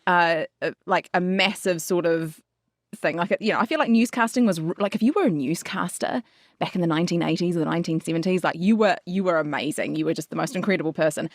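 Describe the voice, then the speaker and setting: A woman's voice: lowish voice, fast, no echo, clean studio sound. Rambling New woman. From New Zealand. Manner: rambling, loose, thinks aloud. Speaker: voice actor podcast host. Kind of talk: casual chat.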